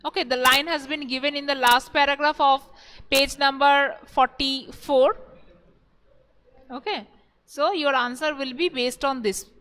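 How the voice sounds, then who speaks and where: A woman teacher with an Indian English accent, slowly going over exam questions and repeating each one several times in an online class. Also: sits high, fairly even intonation, a bit bright, in a large hall.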